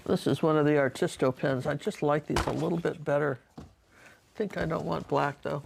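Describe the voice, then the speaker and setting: A woman's voice: low-pitched, fairly even intonation, normal speed, creaky, darkish tone, a little hiss or hum. A middle-aged woman painting and telling stories from her life in a chatty, digressive way, talking straight to the viewer. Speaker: painter and storyteller. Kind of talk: casual storytelling while painting.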